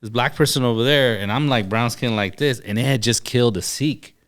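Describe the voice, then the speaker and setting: A man's voice: mid-range voice, brisk. A man, a chiropractor, telling personal stories in a casual podcast chat and acting out the dialogue. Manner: animated storyteller, acts out dialogue. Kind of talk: casual storytelling.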